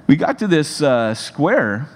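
Animated man preaching in a reverberant hall. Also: on the high side, takes it slowly. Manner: animated, rambling storyteller with many fillers. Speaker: pastor. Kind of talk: sermon storytelling. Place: church hall.

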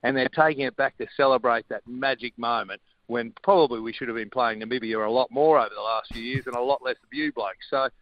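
A man's voice: medium pitch, quick pace, few pauses, highs cut off. A man with an Australian accent, a radio guest, joking casually in a wry, dry-humoured manner. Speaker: radio guest, breakfast host.

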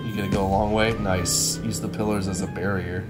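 A man co-hosting a let's play, joking around, swearing and yelling at the screen. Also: deep voice, little pitch movement, a little fast, music in the background. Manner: loud joking outbursts, swears freely. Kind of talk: casual gaming chat.

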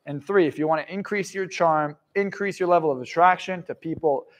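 A man with a high voice works a seminar crowd, blunt and full of swearing. He shifts between shouted bursts and quiet, confiding remarks as he drives his points home. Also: a little fast. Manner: blunt, profane, swings from loud to hushed. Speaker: motivational speaker. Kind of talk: live motivational seminar talk.

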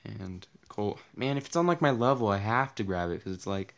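This gaming channel host is a young man whose low-ish voice moves at a normal speed. Tired and losing his voice, he rambles through relaxed Let's Play commentary, jumping at small scares and poking fun at himself.

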